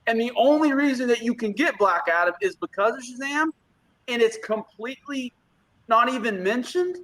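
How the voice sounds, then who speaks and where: A man's voice: very high voice, expressive, normal speed, fairly bright tone, low-quality recording. A man co-hosting a casual pop-culture podcast, talking in a blunt, profane, opinionated way. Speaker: podcast co-host.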